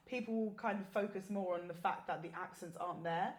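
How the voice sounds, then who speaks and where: A woman chatting as a guest performer, easygoing and hesitant, with many pauses and ums. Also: fairly low pitch. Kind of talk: casual podcast chat. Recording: echoey room.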